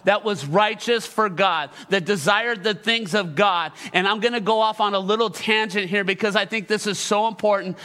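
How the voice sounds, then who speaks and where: A middle-aged male pastor delivers a sermon in a high, bright voice. He preaches with passion and emphasis. He keeps calling out questions for the church to answer back. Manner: call-and-response with the congregation.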